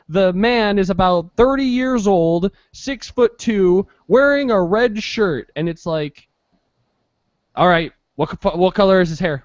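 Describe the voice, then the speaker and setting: A man with a somewhat high voice co-hosts a casual talk show, rambling and hedging with lots of "like" as he thinks aloud. His audio is dry and close, but dull and low-fi. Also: no room sound. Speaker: co-host. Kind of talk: casual chat.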